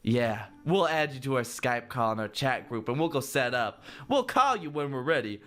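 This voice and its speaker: A man's voice: mid-range voice, big pitch swings, normal speed, pushed and bright, faint music behind, voice pushed down. A man voicing a cheerful young male friend in a fan fiction he reads aloud. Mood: friendly.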